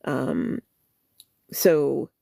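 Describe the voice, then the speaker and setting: Gravelly, casual woman host. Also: extremely low pitch, drawn-out words, warm tone, dry recording, studio quality. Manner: rambling, repeats and restarts phrases. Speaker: channel host. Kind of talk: casual livestream chat, reading lyrics.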